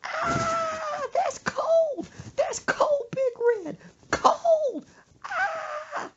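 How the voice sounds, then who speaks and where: A woman's voice: very high voice, huge pitch swings, brisk, voice pushed up, full character voice. A woman voicing a hot-tempered old mother who scolds and shrieks, on muffled lo-fi audio. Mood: shrieking.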